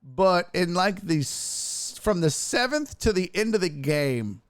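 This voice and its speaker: A sports talk show host tells stories in casual chat as an animated storyteller, acting out quotes and swearing freely. His voice is high and slow.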